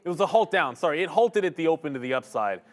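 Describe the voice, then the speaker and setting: A man's voice: fairly high pitch, expressive, fast talker. A man co-hosting a live stock trading stream, casually explaining his orders, levels and timing.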